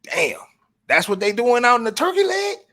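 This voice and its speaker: A man's voice: extremely high pitch, huge pitch swings, moderate pace, a loud crowd. A man hosting a casual talk show, riffing with slang and many stumbling restarts. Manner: loose, repetitive, frequent restarts and slang. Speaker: podcast host.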